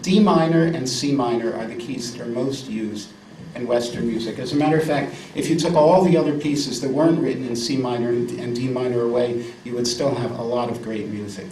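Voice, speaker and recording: A man's voice: medium pitch, a little fast, a little mellow, a little hiss or hum. Emphatic man lecturing in a roomy hall. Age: 50s. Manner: emphatic, repeats words for effect, jokey asides. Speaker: lecturer and pianist. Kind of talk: live music lecture with piano examples. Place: salon lecture room indoors. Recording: roomy, distant live recording with piano.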